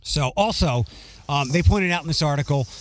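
A man's voice: a little high, moderate pace. A young man co-hosting a casual podcast chat, rambling and restarting as he talks. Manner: rambling, animated, restarts often. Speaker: podcast co-host.

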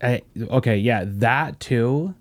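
A young man hosting a podcast, telling stories in a loose, profane, animated way and laughing often. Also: mid-range voice, slow pace. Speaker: podcast host. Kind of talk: casual podcast chat.

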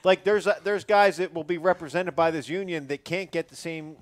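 A man's voice: a little high, fairly even intonation, fairly quick, dry recording. A man who is a union member, joking and swearing while playing devil's advocate in a casual podcast chat.

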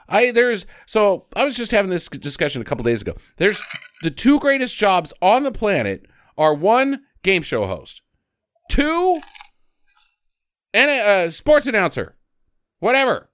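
Sarcastic man with a lively voice. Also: high voice, unhurried, clean tone, no echo, studio quality. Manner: sarcastic, jumps into quoted voices. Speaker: podcast co-host. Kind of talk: casual movie review chat.

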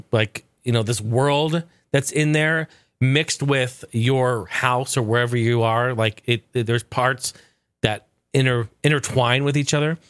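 A man's voice: medium pitch, a bit bright, smooth, dry recording. A man hosting a podcast in casual chat, rambling loosely, swearing freely and chuckling often. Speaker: podcast host.

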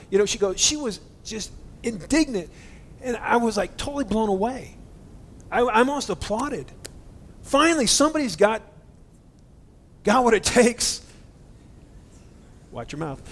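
A man's voice: sits high, animated, unhurried, fairly bright tone. A man preaching a conversational sermon, earnest and indignant, speaking to his listeners directly. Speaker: pastor.

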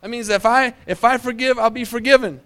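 High-voiced man preaching a sermon. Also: a little fast, a bit bright, clean tone. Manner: conversational preaching with humor and audience questions; repeats and restarts, drops to low asides. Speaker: pastor.

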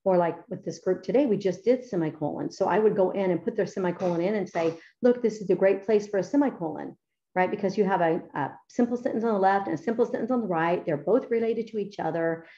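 A woman's voice: fairly low pitch, fast, few pauses, mellow, lo-fi sound. A middle-aged woman teacher explaining how she edits student papers, chatty and enthusiastic with many fillers. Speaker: writing teacher. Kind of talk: explaining her paper-editing method.

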